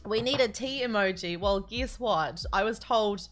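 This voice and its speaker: A woman live-streaming from home, chatting warmly and casually with her viewers, greeting them by name and laughing often. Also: medium pitch, unhurried, soft background music.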